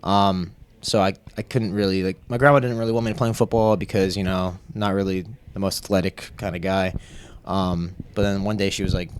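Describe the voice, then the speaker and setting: A man's voice: low voice, fairly quick, slight background noise. A young man, a podcast guest, telling a long story in a casual, self-mocking way and acting out the lines of the people in it. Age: young adult. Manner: animated, self-mocking, acts out quotes.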